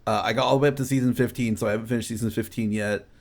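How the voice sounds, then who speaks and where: A young man co-hosting a podcast, talking haltingly with many restarts. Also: mid-range voice, steady tone, darkish tone. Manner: halting, full of fillers and restarts. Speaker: podcast co-host. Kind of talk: casual chat.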